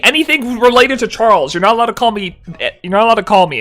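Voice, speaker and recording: Bright-voiced young man streaming casually. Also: high voice, expressive, quick pace, hardly any pauses, faint music behind. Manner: mock-annoyed, reads chat aloud, laughs between lines. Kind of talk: casual live-stream chat.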